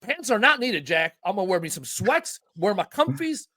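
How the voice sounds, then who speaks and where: Animated, swearing male podcast host. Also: high-pitched, normal speed. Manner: animated, emphatic, folksy and profane. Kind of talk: casual podcast chat.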